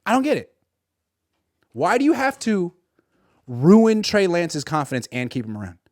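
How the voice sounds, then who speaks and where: Brief: a lively, sarcastic man riffing on football, his voice swinging all over, recorded close and dry. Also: sits high, normal speed, dry recording. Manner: animated and sarcastic, acts out imagined dialogue. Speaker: sports commentator. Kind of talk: sports commentary monologue.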